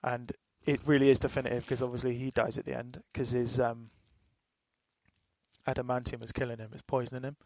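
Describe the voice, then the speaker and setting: A man's voice: medium pitch, flat delivery, brisk, darkish tone, dry recording, muffled recording. A man co-hosting a podcast, rambling in casual chat, swearing freely and laughing as he retells things. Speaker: podcast co-host.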